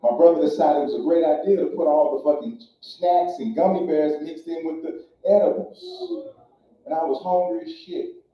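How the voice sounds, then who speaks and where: Profane comedian in a distant echoey club. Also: male voice, on the high side, moderate pace, slight background noise. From Louisiana. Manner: loose, profane storytelling with crowd questions. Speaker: stand-up comedian. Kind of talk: stand-up comedy set. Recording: echoey club from far off, dull sound.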